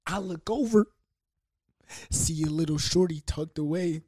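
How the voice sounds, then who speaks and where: A young adult speaker spins a rowdy party story with swearing and slang, full of asides and fillers. The delivery is lively and comedic, sitting at a middle pitch. The sound is close and dry, with no room echo. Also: a little slow, breathy edge. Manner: animated, profane, comedic storytelling. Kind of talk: casual storytime monologue.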